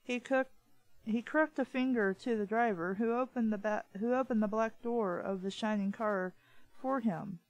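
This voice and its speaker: A woman's voice: a little high, moderate pace, low-quality recording. A woman book reviewer reading a novel aloud in a plain voice and breaking off for mocking side comments.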